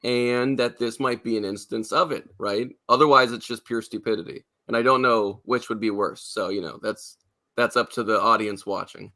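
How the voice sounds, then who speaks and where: Male panelist, bright tone, argumentative with rhetorical asides. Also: mid-range voice, steady tone, normal speed. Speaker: panel guest. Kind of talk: casual panel discussion.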